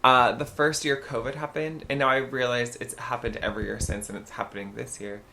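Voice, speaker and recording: A man with a gravelly, bright and edgy voice chats as a podcast co-host. He tells stories in an animated, gossipy way and breaks into loud outbursts now and then. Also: medium pitch, brisk, a little hiss or hum. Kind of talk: casual chat.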